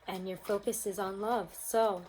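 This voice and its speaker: A woman's voice: medium pitch, fairly even intonation, moderate pace, darkish tone, a little hiss or hum, poor audio. A young woman giving a casual, upbeat tarot reading to camera at home, speaking straight to her viewers. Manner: chatty, upbeat, addresses viewers as guys. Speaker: tarot reader. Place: home room.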